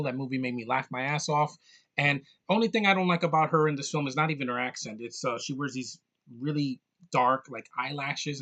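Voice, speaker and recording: Bright-voiced rambling male movie reviewer. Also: medium pitch. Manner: rambling, blunt and jokey, with frequent fillers. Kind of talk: casual movie review monologue.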